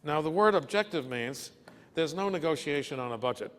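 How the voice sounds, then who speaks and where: A man's voice: on the high side, expressive, a little fast, fairly bright tone. An older man giving a keynote business talk, a folksy storyteller who jokes and checks in with his listeners. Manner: folksy, joking storyteller who asks "okay?" often. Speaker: keynote speaker. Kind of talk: business lecture with anecdotes. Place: breakfast event hall. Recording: echoey hall with long reverb.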